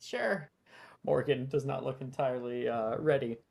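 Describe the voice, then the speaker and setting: A man narrating a tabletop game as game master, with many fillers and pauses. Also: medium pitch, creaky, a little mellow, breathy edge. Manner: slow, halting, lots of fillers.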